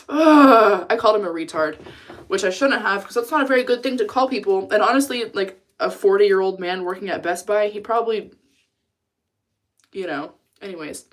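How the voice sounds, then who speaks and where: A woman's voice: medium pitch, brisk. A young woman talks loosely to her stream, rambling through a complaint. She swears freely and stops now and then to answer comments from chat. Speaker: livestreamer. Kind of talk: casual livestream chat.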